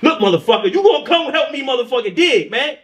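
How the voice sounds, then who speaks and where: A man voicing a broke, hot-headed male gold digger who shouts and curses in street slang. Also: extremely high pitch, sing-song, fast, voice pushed up, exaggerated voice. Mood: pleading.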